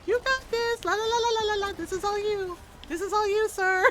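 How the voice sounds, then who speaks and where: A woman playing a silly game adventurer, high and teasing, singsong. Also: expressive, brisk, very noisy, natural voice. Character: silly, cheeky adventurer shirking a fight.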